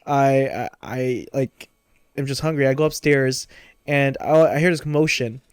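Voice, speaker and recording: A young man co-hosting a casual podcast, telling a story in a relaxed, halting way with lots of fillers. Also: medium pitch, clear, resonant tone, no echo, clean studio sound. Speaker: podcast co-host.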